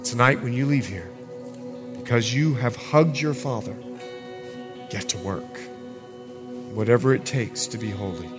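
Man, pastor, preaching, emphatic swells, gentle closing calls, faint music underneath. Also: lowish voice. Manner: preaching with rising emphatic outbursts and soft closing appeals. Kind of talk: sermon.

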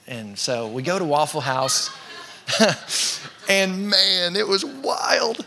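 A man, a pastor preaching a sermon to his congregation and telling funny personal stories in a relaxed, conversational way. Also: sits high, takes it slowly, long pauses, a little hiss or hum. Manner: conversational, self-deprecating storytelling with laughs. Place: church in front of a congregation.

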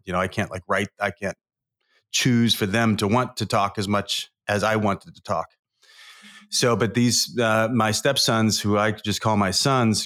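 A Southern California man in his forties, appearing as a guest coach on an interview show, tells personal stories in an earnest, emotional, rambling way. His voice is on the low side with a fairly bright tone, suited to candid interview storytelling.

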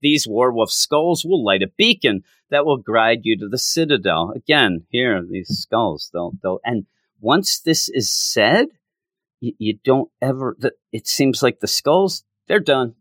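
A man giving a casual spoken comic book review, exasperated and often mocking the characters, his pitch jumping high when frustrated. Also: expressive, measured pace, fairly bright tone, no echo.

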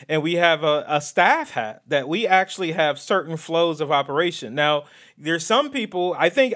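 Male podcast co-host, fairly high voice, excitable and slangy, casual chat. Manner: excitable, slangy, animated storytelling.

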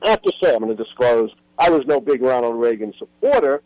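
Animated older man telling stories. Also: medium pitch, quick pace, no room sound, rough recording. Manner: animated, emphatic storyteller. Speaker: history professor, interview guest. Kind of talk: radio interview storytelling.

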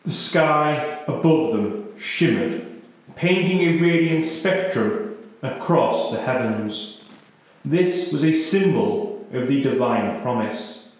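Slow solemn man narrating, very echoey. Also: medium pitch. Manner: slow, solemn storytelling cadence. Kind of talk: scripted scripture-style narration. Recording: very echoey room.

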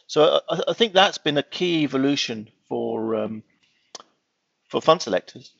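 A man's voice: medium pitch, lively intonation, moderate pace, vocal fry, a bit bright, dry recording, muffled recording. A man on a finance panel discussion, rambling with frequent restarts.

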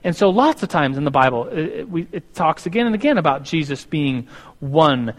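A man's voice: a little high, normal speed. Man teaching in an echoing hall. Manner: animated, acts out both sides of imagined conversations. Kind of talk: casual church teaching talk.

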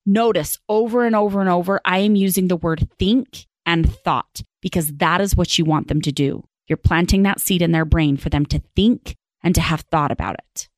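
A woman's voice: fairly low pitch, moderate pace, hardly any pauses, dry recording. A woman in her thirties hosting a parenting podcast, talking casually and acting out different tones of voice with emphatic repetition. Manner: animated, acts out example tones, emphatic repetition. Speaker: podcast host and parenting educator. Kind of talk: casual teaching talk.

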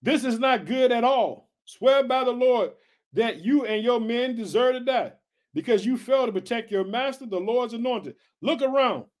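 A man's voice: very high voice, moderate pace. A man reading the lines of a bold young male warrior who taunts a general, with firm emphasis. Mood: taunting.

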